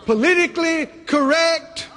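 High-pitched man, Southern accent, lively preaching, reverberant hall. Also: unhurried. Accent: Southern American. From American South. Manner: animated, acts out voices, rhetorical questions. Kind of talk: sermon.

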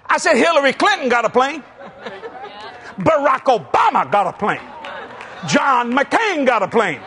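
High-voiced, animated preacher man. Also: moderate pace, long pauses. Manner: animated, shouting, acting out both sides of a story. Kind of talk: sermon storytelling. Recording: live with a faint crowd and noise.

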